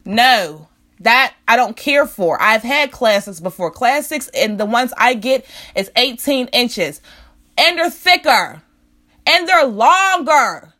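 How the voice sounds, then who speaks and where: High bright-voiced woman ranting angrily. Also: very animated, slow pace. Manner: profane, heated, repetitive rant. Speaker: vlogger ranting about a salon visit. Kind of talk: angry storytime rant.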